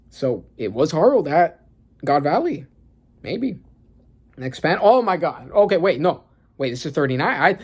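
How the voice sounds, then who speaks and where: A young adult talks through a fresh manga chapter in a loose, casual way, reading the panels aloud. The voice sits in a middle pitch, peppered with fillers and sudden excited gasps. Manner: excitable, gasping and laughing, lots of fillers. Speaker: manga reaction streamer.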